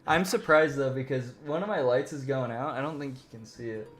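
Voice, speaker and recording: A man's voice: mid-range voice, fairly quick, background noise. Easygoing man chatting casually. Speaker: player. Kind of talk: casual chat.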